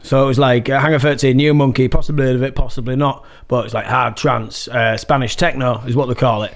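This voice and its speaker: Fast-talking Yorkshire man. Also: medium pitch. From England. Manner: chatty, excitable storyteller, swears freely. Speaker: guest. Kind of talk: casual podcast chat.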